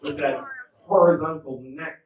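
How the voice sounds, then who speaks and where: A man in his fifties doing a stand-up set, telling stories in a lively way with acted-out quotes. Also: fairly high pitch, measured pace, narrow, tinny audio. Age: 50s. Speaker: stand-up comedian. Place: indoor comedy club. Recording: echoey club, distant mic, noisy.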